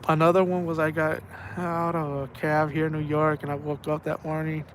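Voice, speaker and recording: A man tells a rambling story on a night outing, circling back and repeating himself. His voice sits slightly high for a man. There is a faint hum of noise in the background. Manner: rambling and repetitive, with slang like "man" and "bro". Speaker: angler telling stories on a night fishing trip. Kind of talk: casual spoken storytelling. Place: outdoors by the water at night.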